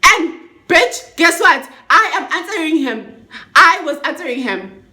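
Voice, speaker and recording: Bright, high-voiced woman. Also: measured pace. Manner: chatty, expressive storytelling with slang and swearing. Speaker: vlogger. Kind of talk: storytime vlog. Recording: echoey room.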